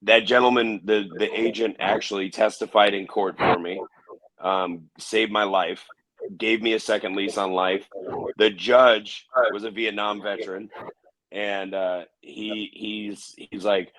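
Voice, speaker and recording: A man with a fairly low voice recounts his past in a casual interview. He talks haltingly, with restarts and filler words. The recording is dry and close. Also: flat delivery, a bit bright, no echo, low-quality recording. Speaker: interview guest.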